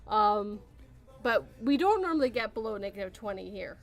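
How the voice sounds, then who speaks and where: A woman's voice: medium pitch, animated, moderate pace. A Canadian woman hosting a casual podcast chat, rambling through explanations and laughing often. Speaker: podcast host.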